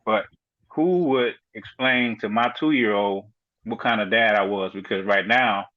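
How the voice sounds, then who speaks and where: A middle-aged man, a podcast guest, telling his story in a casual, animated way, filling it with "you know" and acted-out quotes. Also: on the low side, a little slow, no echo, lo-fi sound.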